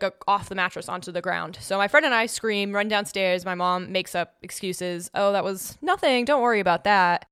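Animated young woman telling a story. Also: medium pitch, clear, resonant tone, no room sound, studio quality. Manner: animated, acts out quoted voices; laughs while telling. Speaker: guest telling a personal story. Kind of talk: casual storytelling.

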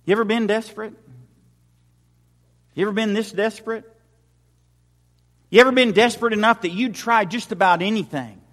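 A man's voice: high-pitched, normal speed, pauses often, a bit bright, long reverb tail. A man preaching a sermon as pastor, building his points with repeated rhetorical questions and emphatic, repetitive phrasing.

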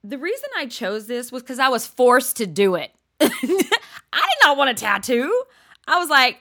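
An older woman with a twang tells stories on her own podcast. Her voice is bright and swings widely up and down. She chats freely, laughs easily and sometimes sinks to a near-whisper to make a point. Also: on the high side, sing-song, moderate pace. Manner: chatty, laughing, drops to near-whispers for emphasis. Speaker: podcast host. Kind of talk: casual storytelling monologue.

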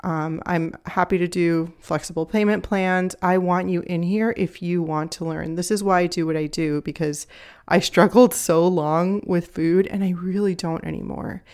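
A woman's voice: lowish voice, steady tone, normal speed, darkish tone, smooth. A woman in her thirties hosting a solo podcast, speaking earnestly and confidingly straight to her listeners. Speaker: podcast host and nutrition coach. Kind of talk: casual solo podcast monologue. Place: home.

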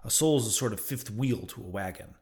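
A man's voice: lowish voice, fairly quick, a little mellow, natural voice. A man voicing a ragged old male sailor prophet who talks in emphatic, mocking old-fashioned sea speech. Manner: archaic sailor talk, emphatic, derisive.

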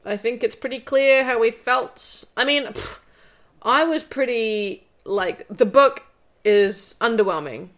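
A woman's voice: fairly high pitch, slow pace. A woman co-hosting a podcast, chatting casually and sarcastically, and reading a book aloud. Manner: sarcastic, animated. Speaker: podcast co-host.

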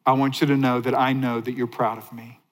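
A man preaching a sermon as a pastor, animated, rising to excited highs and dropping to hushed lows. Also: a little fast, big-room sound, poor audio.

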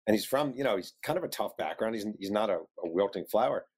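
Male author, lowish voice, animated storyteller who acts out quotes. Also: fast, slightly rough. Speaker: author guest. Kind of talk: telling a story in an interview.

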